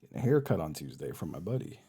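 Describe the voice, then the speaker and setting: A young man streaming a game from home at a desk mic, chatting casually and cooing at his cats in a high baby voice. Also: sing-song, fast talker, dark tone, breathy edge. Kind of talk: casual live-stream chat. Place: home room. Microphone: desk microphone.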